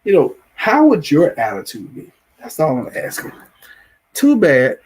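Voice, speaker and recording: A man's voice: on the high side, huge pitch swings, unhurried, a little mellow, husky. A man with a Southern US accent hosting a casual live chat, rambling and restarting his phrases as he reacts to viewers. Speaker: livestream show host.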